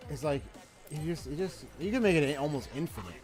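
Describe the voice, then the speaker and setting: A man giving casual live commentary on a game, excitable and slangy, sometimes reading tutorial text aloud. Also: a little high, brisk, over music. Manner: excitable, slangy, says bro and dude. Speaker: gaming streamer.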